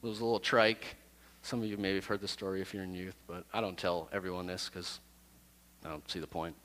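A man who is a youth pastor, telling a personal story to his youth group in a lively, self-deprecating way. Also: low voice, fairly quick, long reverb tail.

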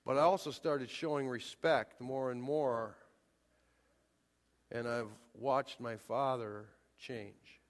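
A man's voice: medium pitch, fairly even intonation, slow pace. A man in his forties preaching a sermon, emphatic and pushing hard on his key points. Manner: emphatic, rising to near-shouts on key points. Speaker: pastor. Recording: long hall reverb.

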